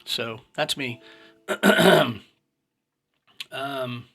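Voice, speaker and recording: Gravelly blunt man in his fifties. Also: mid-range voice, steady tone, fairly quick, bright, forceful tone. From United States. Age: 50s. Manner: blunt and opinionated. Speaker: vlogger. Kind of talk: casual monologue to camera.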